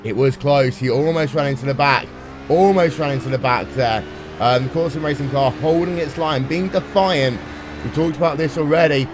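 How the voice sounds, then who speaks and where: A man calling a sim race live, brisk and playful, with dry jokes. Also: mid-range voice, noisy background. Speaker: sim racing commentator. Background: music playing underneath.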